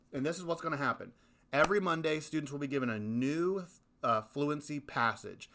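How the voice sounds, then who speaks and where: A male school principal with a mid-pitched voice talks parents through a reading program. He speaks emphatically, leaning on key words and repeating them for effect. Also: fairly bright tone.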